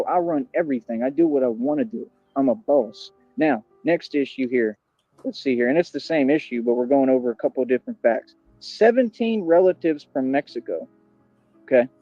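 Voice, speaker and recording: A man's voice: mid-range voice, lively intonation, fairly quick, warm tone, no echo, soft background music. A man ranting on a livestream in a boastful, aggressive, swaggering way. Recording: dull lo-fi stream audio.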